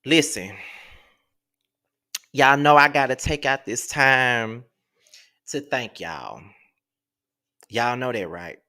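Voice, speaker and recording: Emotional man in his thirties, slow-spoken. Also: mid-range voice, animated, pushed and bright. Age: 30s. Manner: emotional, repeats himself, close to tears. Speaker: YouTube show host. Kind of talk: emotional thank-you to viewers.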